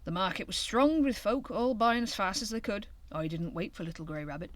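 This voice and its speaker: A woman's voice: mid-range voice, fairly quick, natural voice. A woman voicing a weary, motherly old countrywoman hedgehog in a storybook, with homely rustic speech.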